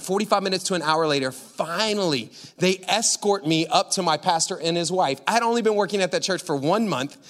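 A male pastor telling an animated, laughing story during a sermon. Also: sits high, in a large hall.

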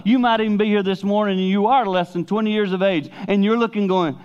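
A middle-aged man preaching a sermon in a conversational storytelling way. He drops to hushed tones to stress a point. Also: high-pitched, fairly even intonation, brisk, few pauses, clean tone, lo-fi sound. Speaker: pastor and speaker.

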